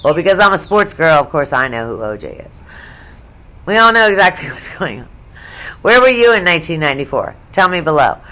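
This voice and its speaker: Middle-aged woman, lower-pitched, casual and profane vlogger, chatty sports talk with side asides. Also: sing-song, brisk, pushed and bright. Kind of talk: casual storytelling vlog.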